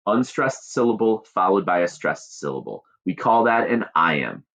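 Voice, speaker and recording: A man's voice: lowish voice, very animated, moderate pace, vocal fry, fairly bright tone. A male teacher giving a recorded lesson, explaining patiently and chanting stress patterns aloud.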